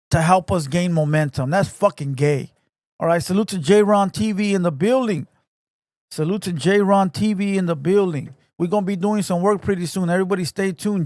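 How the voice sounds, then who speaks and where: Profane, high-voiced hype host. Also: male voice, no echo, studio quality. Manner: profane, slangy, hype street talk with shout-outs. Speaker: podcast host. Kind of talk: casual livestream podcast talk.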